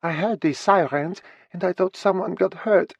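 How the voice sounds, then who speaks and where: A man's voice: high voice, normal speed, gravelly, no echo, voice pushed up. A male audiobook reader voicing a shaken middle-aged Frenchwoman with a heavy French accent. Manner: shaken, disbelieving. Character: middle-aged Frenchwoman, shattered widow-like partner. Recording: slightly muffled, set back from the mic.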